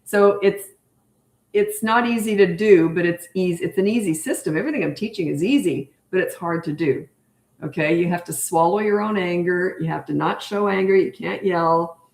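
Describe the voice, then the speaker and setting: Speaking at normal speed in a lowish, slightly mellow voice, an older parenting coach takes viewer questions on a live stream. Her style is chatty and emphatic as she drives her key points home, with a clear echo in the room.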